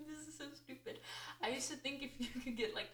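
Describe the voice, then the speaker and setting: A woman's voice: sits high, normal speed, slight background noise. A woman co-hosting a podcast in casual chat, rambling with lots of "like". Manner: rambling, heavy use of "like". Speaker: podcast co-host. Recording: echoey room, picked up from far off.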